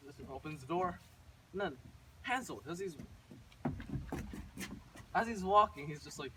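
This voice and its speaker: A man's voice: high voice, lively intonation, unhurried, long pauses, sharp tone. A man casually retelling a fairy tale, rambling with many fillers and restarts. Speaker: storyteller. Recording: distant mic with faint noise.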